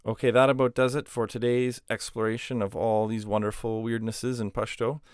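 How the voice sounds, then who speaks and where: A man's voice: mid-range voice, level tone, normal speed, clean tone, no echo, studio quality. A man teaching a grammar lesson, explaining patiently step by step with spoken examples. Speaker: language teacher.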